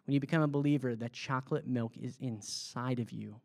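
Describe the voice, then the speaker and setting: A man's voice: medium pitch, brisk, creaky. A man, a pastor, teaching a Bible study in a conversational way, asking the group questions and repeating their answers back. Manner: loose, with fillers and restarts. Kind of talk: interactive sermon teaching.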